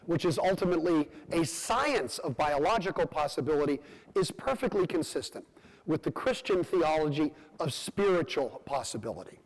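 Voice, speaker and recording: A man with a high-pitched voice lectures from a podium microphone, delivering his points phrase by phrase with deliberate pauses. His words ring out with the long reverb of a large lecture hall. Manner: measured, phrase by phrase with rhetorical pauses. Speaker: plenary lecturer, scientist. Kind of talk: public lecture.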